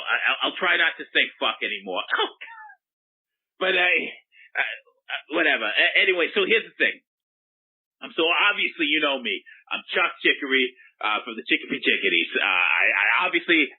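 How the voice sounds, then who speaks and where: A man voicing a gruff, foul-mouthed baseball mascot who calls in to a comedic advice show, combative and rambling. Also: fairly high pitch, expressive, moderate pace, phone-quality sound. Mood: aggrieved. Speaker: caller.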